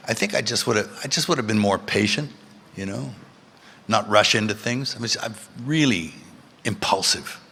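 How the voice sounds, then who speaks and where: A man telling stories in a relaxed, laid-back way, fidgety and quick to laugh, heard in interview clips. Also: on the low side, a little hiss or hum. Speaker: interview guest. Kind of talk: relaxed storytelling.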